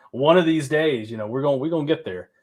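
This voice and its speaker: A man with a Southern American accent hosts a casual sports podcast. He talks in a relaxed, rambling way, with loose asides and the odd curse. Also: a little high. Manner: laid-back, rambling, swears casually. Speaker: podcast host.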